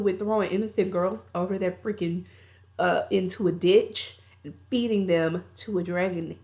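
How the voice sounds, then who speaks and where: A woman's voice: fairly low pitch, fairly even intonation, brisk, a little mellow. A woman reviewing a movie, recapping the plot in a chatty, colloquial storytelling way.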